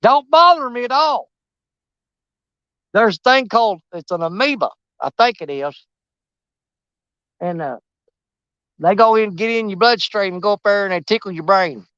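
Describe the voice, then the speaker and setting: Out on a riverbank, a male fishing vlogger jokes and chats casually as he fishes, rambling in a folksy way. His high voice is lively, clear, resonant and a bit bright, at normal speed with long pauses; there's no room sound and the audio is dull.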